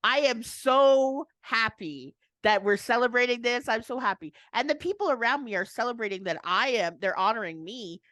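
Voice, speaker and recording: A woman's voice: fairly high pitch, expressive, normal speed, few pauses, fairly bright tone, no room sound. A woman co-hosting a casual chat, rambling and laughing often as she restarts her thoughts. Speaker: co-host.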